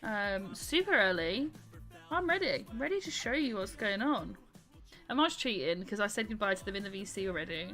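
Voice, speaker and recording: Bright, chatty woman streamer. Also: medium pitch, lively intonation, normal speed, faint music behind. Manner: chatty, greets viewers one by one. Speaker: streamer playing a roleplay game character. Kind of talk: casual live-stream chat and roleplay.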